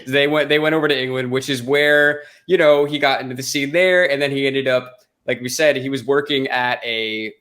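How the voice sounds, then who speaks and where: A man's voice: mid-range voice, fairly even intonation, normal speed, few pauses, fairly bright tone. An American man co-hosting a music podcast, chatting loosely, swearing and joking about his subject. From United States. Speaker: podcast co-host. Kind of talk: casual podcast chat.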